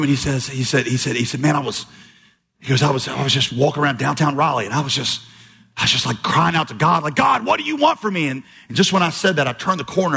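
A man's voice: mid-range voice, pushed and bright. A man preaching a sermon as pastor, telling stories with quoted voices and emphatic turns. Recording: long hall reverb, slightly husky.

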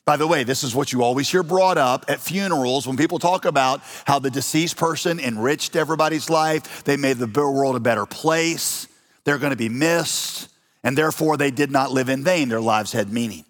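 A man's voice: medium pitch, moderate pace, long reverb tail. A man with an American accent preaching a sermon to his congregation in a conversational, humorous way, asking the listeners questions. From United States. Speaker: pastor. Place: church hall.

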